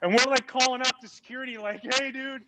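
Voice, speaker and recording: A man in his forties, a former ball player guesting on a podcast, telling a story in a lively, casual way with many fillers. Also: very high-pitched, fast talker, very noisy.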